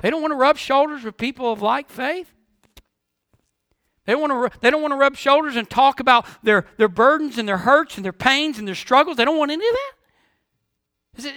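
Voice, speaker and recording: Pastor, male, very high bright voice, dry close sound, sermon delivery moving from hushed to emphatic. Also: no echo. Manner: preaching with rhetorical questions, swinging from hushed to emphatic.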